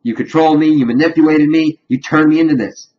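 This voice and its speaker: A man voicing an angry cartoon schoolgirl who turns on her manipulative boyfriend, in a shrill, accusing voice that climbs high. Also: fairly even intonation, fast talker, natural voice. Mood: furious. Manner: shrill, accusing, rising sharply. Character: furious cartoon schoolgirl breaking free of a controlling boyfriend. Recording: dull lo-fi with faint hum.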